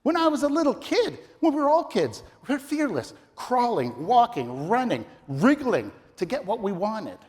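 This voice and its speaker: A man's voice: very high voice, wildly swooping pitch, moderate pace, few pauses. A middle-aged man delivering a theatrical, comic story speech in a competition in a large ballroom. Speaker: contest speaker. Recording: reverberant ballroom.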